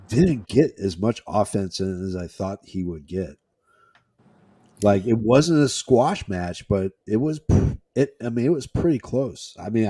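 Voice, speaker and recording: A man's voice: lowish voice, dark tone, breathy edge, dry recording. A man co-hosting a casual wrestling chat podcast, laid-back and laughing often. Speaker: podcast co-host.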